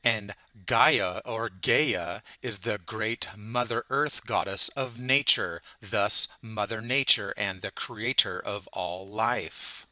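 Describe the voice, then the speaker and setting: Male host, measured lecturer; slow delivery, dull lo-fi sound. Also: fairly low pitch, sharp tone, no room sound. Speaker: channel host. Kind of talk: explanatory monologue on word origins. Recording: dull lo-fi recording.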